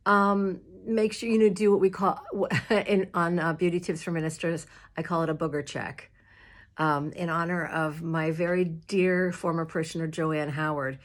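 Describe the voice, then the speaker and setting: A woman minister offers fellow clergy casual, heartfelt advice, chatty and emotional, with fillers and little laughs. Her tone is steady and her pace moderate, and a chair squeaks in the room.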